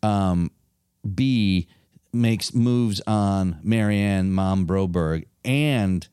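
A man chats casually as a podcast co-host, getting animated and swearing freely. His voice is smooth and a touch low. The sound is close and dry. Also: very slow, no room sound. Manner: animated, swearing, mock-acting quotes. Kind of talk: casual chat.

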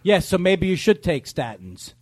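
Man, comedian in casual chat, wry teasing deadpan questions, a bit high-pitched, dry close sound. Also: moderate pace, no room sound. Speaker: comedian guest.

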